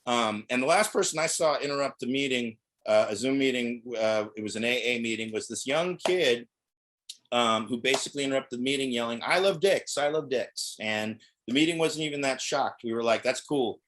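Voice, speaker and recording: A man's voice: mid-range voice, brisk, fairly bright tone. Rambling middle-aged male stand-up comic. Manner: rambling, self-interrupting delivery. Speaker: stand-up comedian. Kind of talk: stand-up set on a video call.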